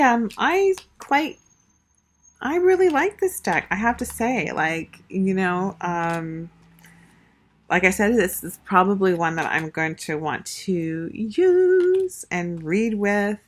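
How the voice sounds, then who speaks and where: A woman's voice: medium pitch, big pitch swings, slow, a bit bright. A woman casually reviewing a tarot deck, gushing and chatty, with lots of fillers and restarts. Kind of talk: casual show-and-tell review.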